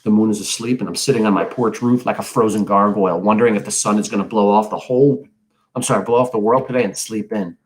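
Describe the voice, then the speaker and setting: A man's voice: fairly low pitch, fairly even intonation, fast talker. A man teaching a class, reading a novel aloud and stopping often to explain it, ask questions and comment earnestly. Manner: earnest, occasionally loses his place.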